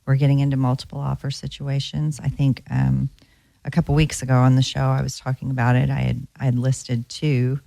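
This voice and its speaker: A woman's voice: extremely low pitch, flat delivery, a little fast, vocal fry, mellow, no echo. A woman co-hosting a radio show about real estate, chatting casually with many fillers and restarts. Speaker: co-host, real estate broker.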